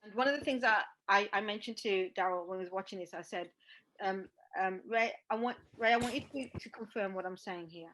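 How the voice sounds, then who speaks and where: A woman's voice: mid-range voice, brisk, a bit bright, rough recording. A woman hosting a casual podcast discussion, speaking emphatically with many fillers. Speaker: podcast host.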